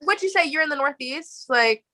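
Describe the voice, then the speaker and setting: A woman's voice: high-pitched, animated, moderate pace, sharp tone. A woman who wrestles professionally, chatting as an interview guest in a blunt, casual way. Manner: blunt, swears casually, laughs easily.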